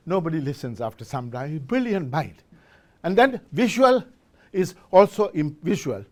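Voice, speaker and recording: The middle-aged man's voice is a little high, moving at normal speed with big pitch swings. In an event hall with a live audience, he speaks at a business forum, offering a motivational business talk while quizzing listeners and often restarting what he says.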